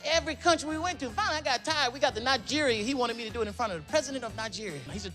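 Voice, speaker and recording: A man telling comic anecdotes as a talk-show guest in an animated way. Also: very high-pitched, music in the background. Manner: fast, animated storytelling. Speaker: guest comedian.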